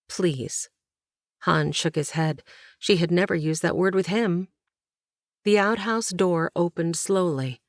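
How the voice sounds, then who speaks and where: A woman narrates an audiobook script in a low, slow voice, telling the story in a measured, even way. The clean studio recording has no echo.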